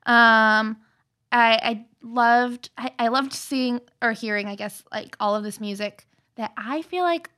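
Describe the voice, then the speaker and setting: Woman guest on a pod, kinda higher bright voice, lots of ums and likes. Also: unhurried. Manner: hesitant, full of "like" and "um". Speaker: podcast guest. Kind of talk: casual chat.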